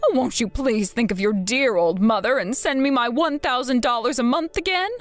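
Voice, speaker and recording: A woman voicing a whiny, manipulative older mother who pleads and guilt-trips in an animated story. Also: fairly high pitch, moderate pace, soft background music, natural voice. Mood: pleading.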